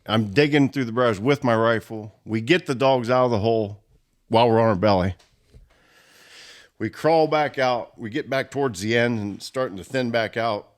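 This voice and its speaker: A man telling a hunting story in casual talk, animated and often laughing. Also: medium pitch, moderate pace. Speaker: guest storyteller.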